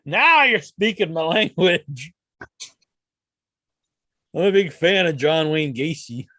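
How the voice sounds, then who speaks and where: A man's voice: on the high side, animated, takes it slowly, pushed and bright, no echo. A man hosting a casual podcast chat, joking crudely and swearing freely. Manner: crude, joking, profane banter. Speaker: podcast host.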